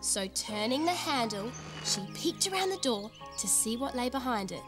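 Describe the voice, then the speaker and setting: A woman's voice: a little high, big pitch swings, moderate pace, over music. A woman hosting a children's TV show, telling a fairy tale in a giggly, sing-song way. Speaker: storyteller host. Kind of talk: children's TV storytelling.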